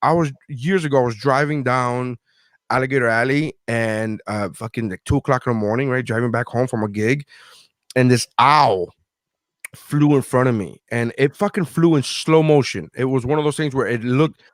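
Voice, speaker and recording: A young man co-hosting a podcast, telling stories in an excitable, profane, casual way. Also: medium pitch, normal speed, dry recording. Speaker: podcast co-host. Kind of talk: casual chat.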